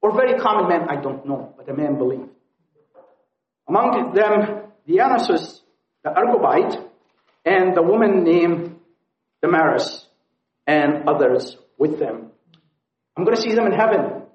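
High-voiced preacher guy pleading hard, big swings up and down, echoey muffled hall. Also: animated, measured pace, long pauses. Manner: pleading, impassioned, swings between loud and hushed. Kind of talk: sermon. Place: conference hall. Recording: echoey, dull lo-fi hall recording.

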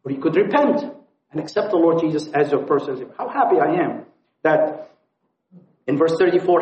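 A man preaching a sermon at a conference, pleading and impassioned, swinging from loud appeals to hushed tones. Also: fairly high pitch, animated, fairly quick. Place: conference hall. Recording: echoey, dull lo-fi hall recording.

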